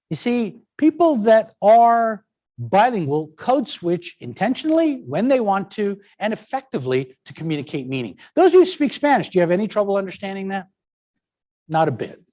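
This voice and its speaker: Lively male lecture presenter. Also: sits high. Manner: animated, stresses words to demonstrate. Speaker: presenter on education and language.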